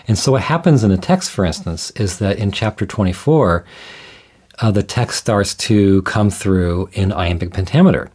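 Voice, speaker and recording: A man explaining ideas in a measured, thoughtful way, often restarting his sentences as he talks things through. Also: low voice, animated, darkish tone, husky. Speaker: guest scholar. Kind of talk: conversational explanation.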